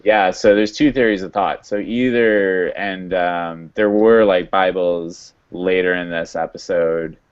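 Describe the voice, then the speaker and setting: A man hosting a podcast, casually recapping a TV episode in a halting way with many fillers and restarts. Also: low voice, fairly even intonation, smooth. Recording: dull lo-fi sound.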